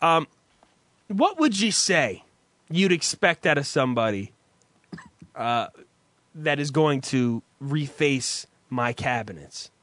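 A man casually telling a profane, animated story on a podcast. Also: mid-range voice, slow pace, pauses often, no echo. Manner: profane, animated, self-mocking.

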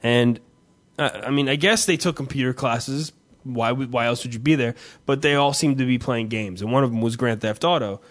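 A man in his thirties chatting casually, rambling and swearing as he tells animated stories. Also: medium pitch, fairly quick. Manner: rambling, profane, animated storyteller. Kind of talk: casual chat.

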